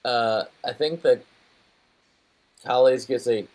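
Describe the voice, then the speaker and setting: A man player in a tabletop game, talking in a relaxed, joking way. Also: medium pitch, a little slow, poor audio. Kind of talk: casual chat.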